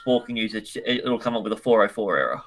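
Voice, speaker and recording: A man's voice: lowish voice, animated, fairly bright tone. A man taking part as a panelist in a casual podcast, joking wryly and often restarting his sentences. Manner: quick, stumbling restarts, wry. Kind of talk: casual chat.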